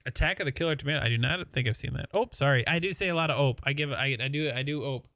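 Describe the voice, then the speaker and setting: A man's voice: medium pitch, racing, pushed and bright, no echo, studio quality. A man with a Midwestern accent chatting casually on a live stream, rambling and laughing as he talks. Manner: rambling, laughing, swears freely.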